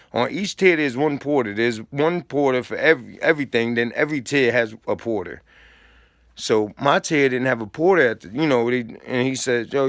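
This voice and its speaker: A man's voice: mid-range voice, gravelly, dry recording, clean studio sound. A man telling a story in a profane, streetwise way, acting out the back-and-forth of quoted exchanges. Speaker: storyteller recounting prison time. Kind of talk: casual storytelling.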